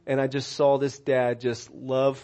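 A man preaching a sermon, earnest and personal, rising to emphatic peaks and dropping soft, often repeating words as he restarts phrases. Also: mid-range voice, flat delivery, unhurried. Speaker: pastor.

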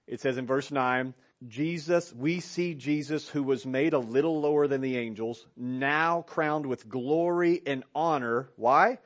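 A male pastor, maybe in his thirties, preaching a sermon. He tells animated stories and keeps checking in with "right?". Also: mid-range voice. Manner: animated storytelling with a pulpit cadence, asking "right?" often.

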